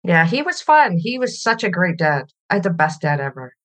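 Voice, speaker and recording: A woman's voice: lowish voice, very animated, moderate pace. Reflective middle-aged Canadian woman guest. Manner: reflective and warm, laughs while telling stories. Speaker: podcast guest. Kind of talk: conversational interview.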